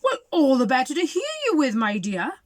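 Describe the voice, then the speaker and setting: A woman's voice: high-pitched, sing-song, moderate pace. A woman voicing a sly, hungry big bad wolf in a storybook reading, with a growling manner.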